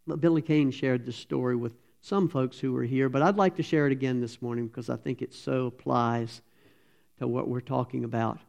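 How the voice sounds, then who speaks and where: A man, a pastor telling a sermon story in a folksy, animated way and voicing the characters. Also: medium pitch, brisk, vocal fry. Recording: slightly dull lo-fi sound.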